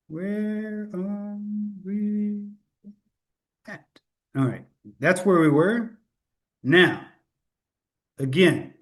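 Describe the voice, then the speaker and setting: Man, webinar host, slightly higher voice, upbeat, loose, laughs off his own mistakes, computer mic. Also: fairly bright tone. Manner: upbeat, self-correcting, laughs at own slip-ups. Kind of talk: live sales webinar.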